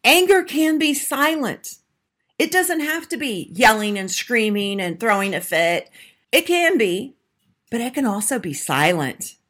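A woman's voice: a little high, sing-song, unhurried, fairly bright tone. A woman hosting her own marriage-coaching podcast, talking straight to listeners in an emphatic, direct way. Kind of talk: solo podcast talk with a sign-up pitch.

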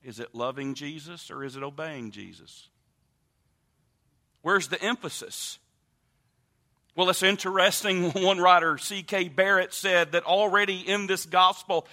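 A pastor delivers a sermon in an emphatic, repetitive preaching manner, swelling loud and dropping soft. His voice sits high for a man and has a bright, forceful edge. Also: unhurried. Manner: emphatic preaching with repetitions and wide swings in loudness.

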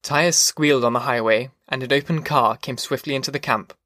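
A male narrator reads the novel in a measured, even way. His voice is bright and forward, and the close studio sound is completely dry. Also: medium pitch, no room sound. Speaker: audiobook narrator. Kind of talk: scripted audiobook narration.

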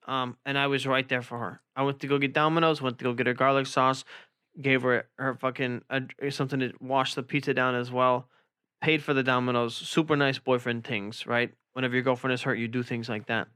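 A young man in casual chat, swearing constantly while telling a story in an animated way. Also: mid-range voice, brisk, smooth, dry recording, clean studio sound.

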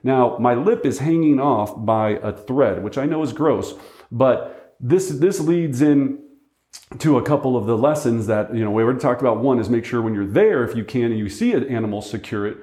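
A man's voice: medium pitch, expressive, normal speed, dark tone. A man working as a real estate agent tells a story to teach a lesson, chatting casually and often checking in with "right?". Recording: roomy echo.

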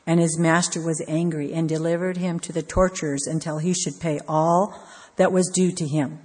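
A woman preaching an earnest, measured devotional sermon with repeated emphasis. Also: low-pitched, level tone, darkish tone. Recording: long hall reverb.

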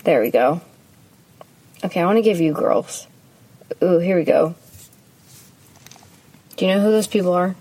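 A woman's voice: on the low side, animated, moderate pace, pauses often, dark tone, slightly rough, rough recording. A young woman hosting a casual chat podcast, giggly and playful, often unsure of herself. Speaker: podcast host.

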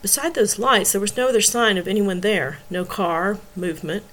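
A woman reading a novel aloud in steady storytelling narration. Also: mid-range voice, moderate pace, low-quality recording. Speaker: audiobook reader.

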